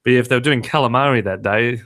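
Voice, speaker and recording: A man's voice: medium pitch, quick pace, a bit bright. A man with an Australian accent hosting a podcast, joking and ranting in casual chat. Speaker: podcast host.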